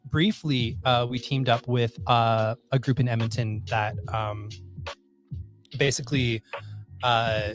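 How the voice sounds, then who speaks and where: A man co-hosting a casual comics talk show, speaking haltingly with many fillers. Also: mid-range voice, a bit bright. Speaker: podcast co-host at a comic shop. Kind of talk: casual chat, reading book blurbs.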